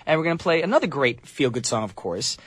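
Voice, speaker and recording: Man, radio DJ, casual joking chat, dry studio mic, mid pitch. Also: sing-song, fast, fairly bright tone, no echo. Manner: upbeat, joking, reads listener messages.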